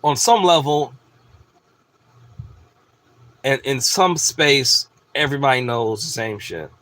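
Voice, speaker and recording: A man's voice: on the high side, a bit bright. A man delivering a blunt, profane, emphatic ranting monologue as a video host.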